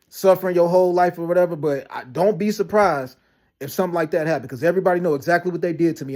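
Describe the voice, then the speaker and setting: Fast-talking aggrieved man ranting. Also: fairly high pitch, darkish tone. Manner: fast, repetitive storytelling with frequent restarts and "you know what I'm saying"; aggrieved and defensive, heavy slang and profanity. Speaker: vlogger. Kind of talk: rambling personal rant to camera.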